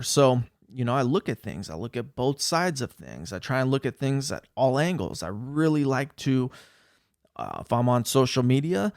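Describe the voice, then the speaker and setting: A man with a middle-pitched voice talks straight to camera, loose and chatty, often breaking into laughter at himself. The sound is dry and close, with no room echo. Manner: laughing, self-mocking, animated storytelling. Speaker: vlogger. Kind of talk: casual talking-head vlog.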